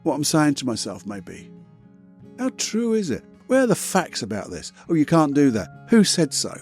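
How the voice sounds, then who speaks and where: A man's voice: on the high side, huge pitch swings, moderate pace, faint music behind. A man hosting a self-help podcast, talking in a blunt, chatty, motivational way with the odd mild swear. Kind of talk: casual motivational monologue.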